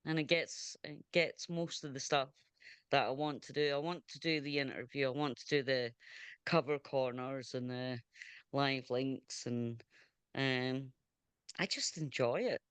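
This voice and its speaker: A woman's voice: extremely low pitch, fairly even intonation, clean tone, no echo. A Scottish woman hosting a radio show, chatting enthusiastically with a guest over a video call. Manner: chatty and enthusiastic, quick to laugh. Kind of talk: casual video interview chat.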